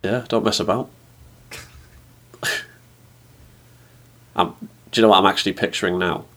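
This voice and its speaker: A man with a deep, low voice co-hosting a podcast. He jokes in a dry, teasing way during casual banter. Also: fairly even intonation, normal speed, a bit bright. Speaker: podcast co-host.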